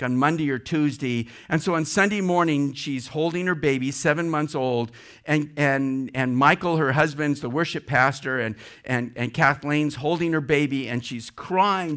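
Bright-voiced man telling a testimony. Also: smooth. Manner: dramatic storytelling, rising high and loud when quoting prayer. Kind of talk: sermon testimony storytelling.

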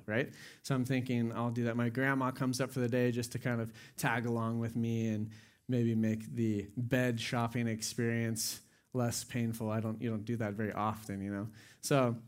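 A man's voice: mid-range voice, clean tone. A young man, a pastor, telling a funny personal story in a loose, chatty way before moving into a sermon. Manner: casual, storytelling with laughs and quoted dialogue.

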